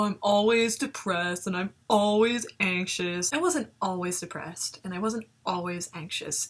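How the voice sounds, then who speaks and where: Here a young vlogger revisits one of her old videos in a mid-range, husky voice that comes across bright and forceful. Her commentary is reflective yet casual and lively, full of self-deprecating jokes and frequent laughter.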